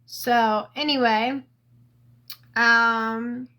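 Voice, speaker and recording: A woman hosting a casual livestream, telling a long story into her phone in a rambling, halting way with lots of fillers and swearing. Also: on the high side, fairly even intonation, bright, forceful tone, clear, resonant tone, rough recording. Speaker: livestream host.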